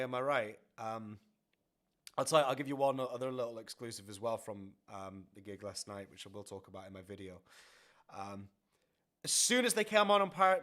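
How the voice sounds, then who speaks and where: A man chatting casually as a music reaction streamer, rambling and excitable with lots of fillers and laughs. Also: medium pitch. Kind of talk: casual chat over album playback. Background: heavy metal music playing faintly.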